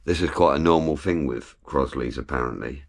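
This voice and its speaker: In his home workshop, a car builder vlogger with a rumbling low voice chats casually at a normal speed while he works. He explains each step as he goes and throws in the odd joke.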